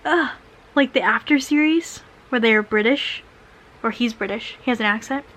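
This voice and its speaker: A woman's voice: on the high side, moderate pace, a bit bright, poor audio. Chatty young woman reviewing a book. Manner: chatty, filler-heavy, sarcastic asides. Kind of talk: casual read-along book review.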